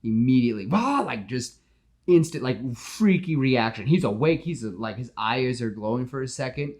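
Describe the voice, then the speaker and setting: A man hosting a podcast, animatedly retelling his movie pitch with lots of "like" fillers and acted-out dialogue. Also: moderate pace. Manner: animated storyteller, full of "like" fillers, acts out dialogue. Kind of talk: casual retelling of a film pitch.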